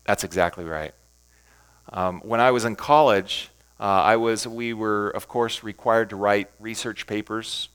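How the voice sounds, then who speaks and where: A man's voice: fairly low pitch, steady tone, measured pace, fairly bright tone, clean tone. A man, a pastor, giving an emphatic teaching talk on reading scripture aloud, asking and answering his own questions.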